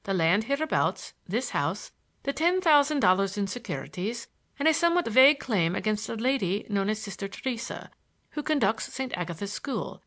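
A woman reading an audiobook, voicing a calm, grave male Irish barrister who speaks slowly and politely. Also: mid-range voice. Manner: slow, polite, deliberate.

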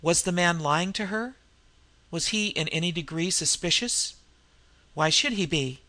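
A man narrating an audiobook in a measured storytelling manner. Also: high-pitched, pushed and bright, dry recording.

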